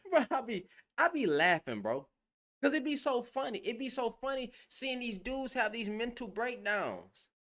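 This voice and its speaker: Sassy woman ranting, lively pitch. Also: unhurried. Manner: sassy, mocking, laughing, animated. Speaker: online commentator. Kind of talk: casual ranting commentary.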